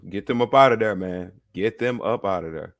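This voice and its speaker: Loud crude guy cohosting, repeats stuff for emphasis, dry mic. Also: lowish voice, normal speed, no echo. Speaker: podcast co-host. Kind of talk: casual commentary chat.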